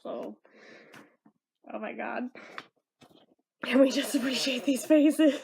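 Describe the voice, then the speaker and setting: High-voiced woman doing an animated fan read-through. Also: slow pace, vocal fry, pauses often, husky. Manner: animated, swearing, laughing asides; reads characters' lines in a loose, plain voice. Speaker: fan reviewer reading a comic aloud. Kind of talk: casual comic read-through.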